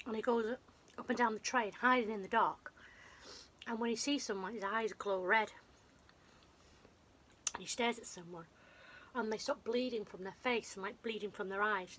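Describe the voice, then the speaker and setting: Chatty and rambling, a woman vlogger with a runny nose goes over a film casually, restarting often and putting herself down. Her voice is medium in pitch and a bit bright, recorded at home with faint noise in the background.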